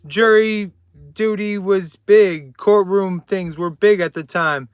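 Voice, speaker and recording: A man hosting a casual monologue recommending movies, rambling excitably with jokey asides. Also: sits high, slow pace, clean tone, no room sound, clean studio sound.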